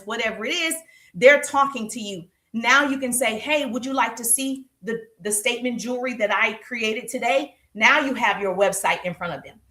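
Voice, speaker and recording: Woman, live-stream sales coach, upbeat and repetitive, fairly high voice. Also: reverberant. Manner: energetic, repetitive, laughs often. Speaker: social media sales coach.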